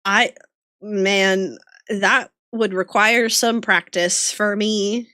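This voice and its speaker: A woman's voice: mid-range voice, fairly even intonation, drawn-out words, sharp tone, dry recording, clean studio sound. A woman streamer chatting casually with viewers while drawing, giggling often and greeting people by name. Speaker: livestreamer drawing art. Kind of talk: casual livestream chat.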